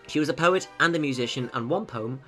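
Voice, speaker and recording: A man's voice: mid-range voice, fast, a bit bright, faint music behind. A man hosting a video, narrating history with jokey, sarcastic asides. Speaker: video host. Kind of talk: comedic educational narration.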